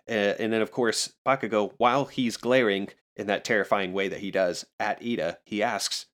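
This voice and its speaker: A man's voice: lowish voice, normal speed. A man co-hosting a podcast, casually retelling comic scenes with dry, wry humor and quoted lines. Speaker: podcast co-host. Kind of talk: casual chat about a manga.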